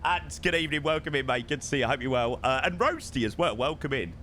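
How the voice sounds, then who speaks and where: A man's voice: mid-range voice, animated, fast, a bit bright, a little hiss or hum. A young man streaming a flight sim, chatting casually with his chat and calling people mate, his voice strained because he is losing it.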